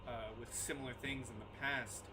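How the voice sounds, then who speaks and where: A man running a tabletop game as game master, in measured, descriptive narration. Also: medium pitch, fairly even intonation, over music.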